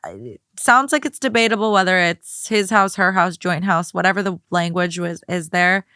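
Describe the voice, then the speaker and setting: A woman's voice: on the low side, expressive, normal speed, sharp tone, smooth, no echo, studio quality. A woman co-hosting a podcast, blunt and sarcastic, swearing freely. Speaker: guest co-host. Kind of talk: casual podcast chat.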